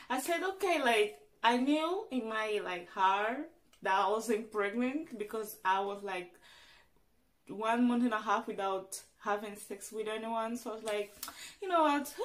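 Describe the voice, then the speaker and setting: A young woman who is not a native English speaker tells her personal story as a vlogger, chatty and acting out her own past lines. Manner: chatty, acts out her own past lines with big swings in pitch and loudness. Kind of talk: casual storytelling vlog.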